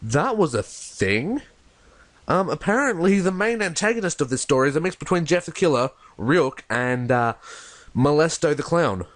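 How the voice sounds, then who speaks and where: A man hosting his own channel, ranting casually and with exasperation about a story he just read, swearing and shooting up in pitch when he gets outraged. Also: expressive, fairly quick, fairly bright tone, no echo. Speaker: channel host reviewing stories. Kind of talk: casual rant.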